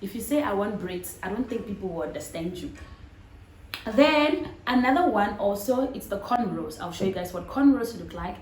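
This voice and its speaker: A Cameroonian woman with a Cameroonian accent, talking to her viewers in a chatty, animated vlog. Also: mid-range voice, normal speed, echoey room, a little hiss or hum, rough recording. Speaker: vlogger. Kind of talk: casual vlog talk to camera.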